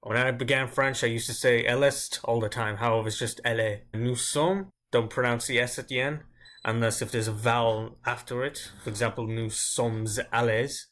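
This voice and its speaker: A man teaching grammar as a language teacher, explaining step by step and slowing down to drill each example word. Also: mid-range voice, fairly even intonation, fairly bright tone. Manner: slow, deliberate drilling of example words.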